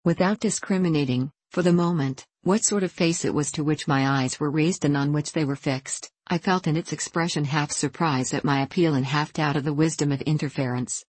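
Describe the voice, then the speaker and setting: A woman narrating a classic novel in the first person, with a measured, deliberate reading. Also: deep voice, darkish tone, slightly rough, no room sound, low-quality recording. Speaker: audiobook narrator.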